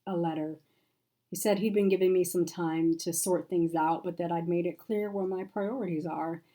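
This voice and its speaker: Woman reading as a weary, hushed woman friend. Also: on the low side, fairly even intonation, normal speed, lightly acted, poor audio. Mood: remorseful. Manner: quiet, subdued, sighing. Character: weary remorseful woman friend, soft-spoken.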